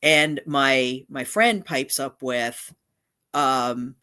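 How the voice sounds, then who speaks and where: A woman's voice: extremely low pitch, very slow, sharp tone. A middle-aged woman hosting a casual livestream, talking in a rambling way with many restarts and asides. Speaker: channel host.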